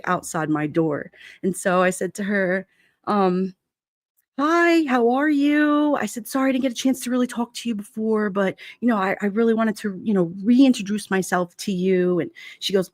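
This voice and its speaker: A woman's voice: mid-range voice, a little mellow, no room sound. Woman, middle-aged, New York accent, casual livestream storytelling, laughs a lot, acts out quotes, dry close sound. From Brooklyn, New York. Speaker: livestream vlogger.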